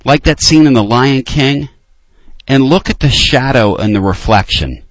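A man hosting a late-night sports call-in show, ranting with fire and dropping to low, intense urging. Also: lively intonation, measured pace, no echo. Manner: fired-up ranting, swinging between loud outbursts and low intense urging. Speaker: sports talk show host.

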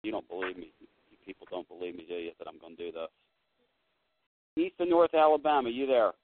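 A man hosting a call-in sports talk show, ranting and swinging between low muttering and loud outbursts. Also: sing-song, fairly quick, dry recording. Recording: tinny phone-line sound, dry.

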